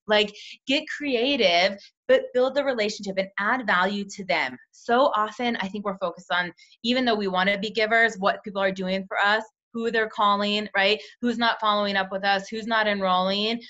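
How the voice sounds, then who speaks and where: A young woman, a team leader, coaching sales recruits in a chatty way, acting out quick bits of dialogue. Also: mid-range voice, pushed and bright. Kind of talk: coaching call talk. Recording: dull lo-fi call audio.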